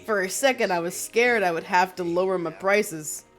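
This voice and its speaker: Woman putting on a low, teasing merchant drawl. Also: normal speed, soft background music, natural voice. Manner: low New York-style drawl, teasing. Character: sly, lazy male junk merchant in a low drawl. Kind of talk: voicing game characters on a stream.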